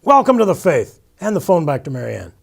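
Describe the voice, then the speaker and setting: A man imitating an old male priest going deaf who talks far too loudly, as if everyone were deaf. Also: huge pitch swings, brisk, gravelly, husky, exaggerated voice. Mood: shouting. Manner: booming, over-loud speech.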